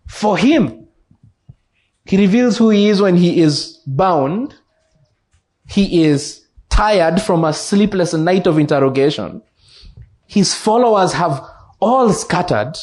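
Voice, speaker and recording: A man with a Kenyan English accent preaching an expository sermon in church, slow and deliberate, repeating key phrases for emphasis. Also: sits high, a little mellow. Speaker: pastor.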